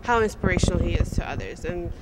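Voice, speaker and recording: A woman's voice: on the low side, animated, fast. A woman giving an earnest audience testimonial, repeating her words for emphasis. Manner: earnest, repetitive. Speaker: audience member. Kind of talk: sincere testimonial. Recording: noisy recording.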